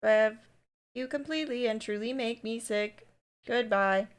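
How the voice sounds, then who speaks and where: A woman's voice: on the high side, a little slow, clear, resonant tone, close to an everyday voice. A woman reading out the lines of a heartbroken, betrayed young woman from a game, pleading and then bitterly accusing.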